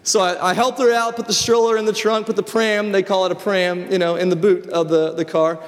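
High-voiced preacher in a hall. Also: male voice, steady tone, fairly quick. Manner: storytelling, conversational with repeated restarts. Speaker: pastor. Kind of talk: sermon. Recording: long reverb of a large hall.

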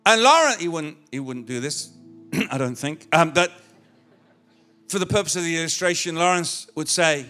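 A man's voice: on the high side, lively intonation, moderate pace, pushed and bright, faint music behind. A male pastor preaching a sermon in a conversational, illustrative way, with touches of humor. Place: church.

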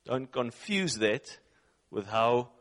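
A man's voice: mid-range voice, animated, slow, fairly bright tone. A man preaching a sermon who reads scripture aloud and speaks English as a second language, emphatic, repeating phrases and putting questions to his listeners. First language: not English.

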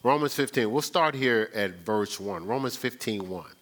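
Chatty storytelling pastor, bright voice. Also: male voice, fairly low pitch, expressive, normal speed. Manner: storytelling, chatty, repeats himself, folksy. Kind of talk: conversational sermon. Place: church sanctuary.

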